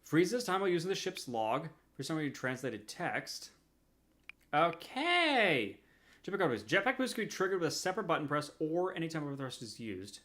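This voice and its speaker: A man's voice: on the high side, big pitch swings, normal speed. A man casually commenting as he plays a game on stream, chatty and jokey. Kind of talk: casual let's-play commentary. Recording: loud background noise.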